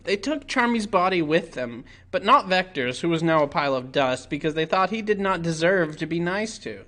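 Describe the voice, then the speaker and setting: A man hosting a live stream, reading a fan story aloud in a deadpan, casual way. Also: fairly high pitch, normal speed. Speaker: host and narrator.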